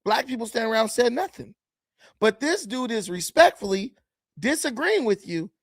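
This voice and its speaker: This man's very high, sing-song voice moves at a moderate pace over a dry recording. Reacting to video clips, he is blunt, combative and mocking toward the people he watches, with sudden shifts in loudness.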